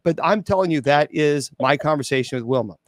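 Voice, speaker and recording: A man with a fairly high voice hosts a casual chat as a bishop. He tells an animated story full of repeated words and acted-out quotes. His voice is close and dry, with no room sound. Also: a little fast, no room sound. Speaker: bishop and show host.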